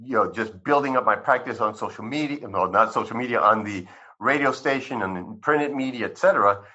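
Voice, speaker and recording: A man's voice: medium pitch, a little fast, pushed and bright, slightly rough. A man in his sixties, a chiropractor being interviewed, tells his life story in a rambling, conversational way with many fillers and re-enacted quotes. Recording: slightly muffled recording.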